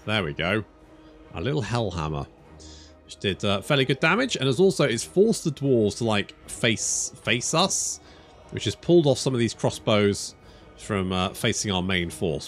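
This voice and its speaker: A man's voice: mid-range voice, vocal fry. A man casually commenting on his strategy game as he plays. He thinks aloud, corrects himself as he goes and swears freely. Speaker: gaming YouTuber.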